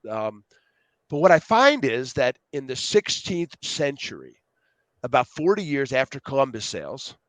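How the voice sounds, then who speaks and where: Man, podcast guest, animated storyteller, acts out dialogue, wanders off on tangents, mid-pitched voice, dry close sound. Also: no room sound. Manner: rambling, jumps between tangents. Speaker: podcast guest, youth speaker. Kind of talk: casual storytelling interview.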